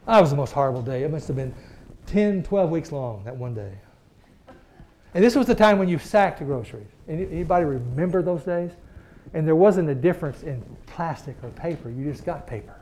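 A middle-aged man from Texas, preaching as a lively storyteller who chuckles often and acts out the people he quotes. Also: on the high side, a little fast. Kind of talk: sermon testimony storytelling.

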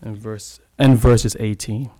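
A man's voice: on the low side, steady tone, takes it slowly, dark tone. A man preaching a sermon in a church, talking in a loose conversational way, laughing often and stretching out the words he wants to stress.

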